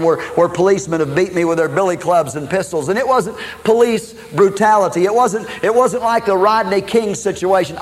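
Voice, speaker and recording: A man from Minnesota preaches a sermon framed as personal testimony, swinging between loud declarations and low, confiding tones. The recording is rough.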